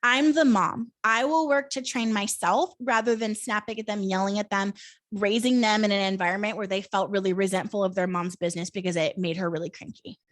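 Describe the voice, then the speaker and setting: A woman's voice: mid-range voice, steady tone, fairly quick, no room sound. A woman in her thirties hosting a live coaching talk, casual and encouraging, with many fillers. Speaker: host.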